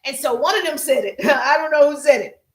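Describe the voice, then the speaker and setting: A woman teaching social media business strategy on a live stream, energetic and emphatic, calling out to viewers in the chat. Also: sits high, brisk, reverberant.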